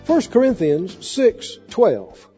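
High-voiced male preacher in a hall. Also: slow pace, husky, faint music behind. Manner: lively preaching, acts out cravings in mock voices. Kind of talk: sermon. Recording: muffled sermon tape with long hall echo.

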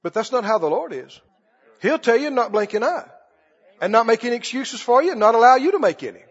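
High husky-voiced preacher in echoing hall. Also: male voice, big pitch swings, fast talker. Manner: emphatic, repeats phrases, calls for congregation response. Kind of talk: sermon. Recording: dull lo-fi with long hall reverb.

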